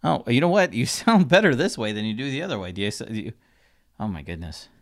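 A man's voice: mid-range voice, very animated, fast. A young man hosting a podcast, casual, teasing and rambling with some swearing. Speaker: podcast host. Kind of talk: casual chat.

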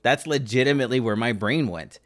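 A man from Southern California telling a story in casual chat, rambling and halting with many fillers and restarts. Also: medium pitch, slight background noise.

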